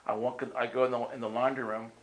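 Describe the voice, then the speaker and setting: A man tells a story from the pulpit to a live audience in a meeting room, speaking fast in a flat, mid-range voice while acting out the characters' voices. There's a slight hiss or hum, and the hall sounds roomy.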